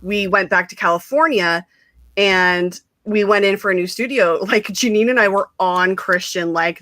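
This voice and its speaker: Female host, casual livestream chat, bright edgy tone, bubbly and giggly, dry close sound. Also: medium pitch, moderate pace, no room sound. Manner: bubbly, giggly storytelling with lots of "like".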